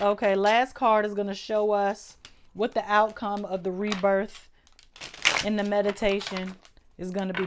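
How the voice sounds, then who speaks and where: A woman's voice: medium pitch, fairly even intonation, normal speed, slight background noise. A woman giving a casual tarot reading, speaking emphatically, repeating phrases and talking straight to her viewers. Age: adult with doctoral degree. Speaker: tarot reader.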